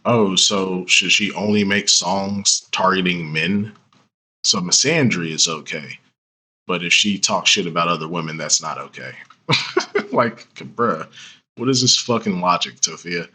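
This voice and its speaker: Deep, husky, exasperated man. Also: a little slow, bright, forceful tone, rough recording. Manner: exasperated, profane, mocking. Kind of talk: reaction commentary.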